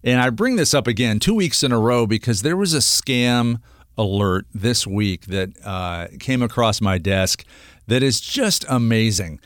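A man's voice: mid-range voice, expressive, measured pace, dry recording, clean studio sound. A middle-aged man hosting a radio talk segment, talking earnestly and rambling with lots of fillers and restarts. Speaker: radio show host.

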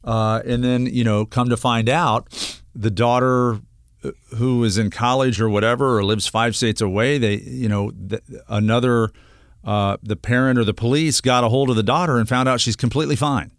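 A man's voice: medium pitch, steady tone, normal speed, dry recording, studio quality. Earnest rambling middle-aged radio host man. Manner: earnest, rambling with many restarts and fillers. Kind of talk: casual radio talk segment.

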